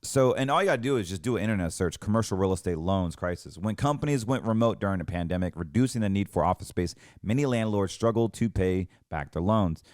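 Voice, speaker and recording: A man's voice: low-pitched, expressive, fast talker, few pauses, a little mellow, no echo, clean studio sound. A man hosting a financial show, ranting in heated, emphatic commentary and often restarting his sentences.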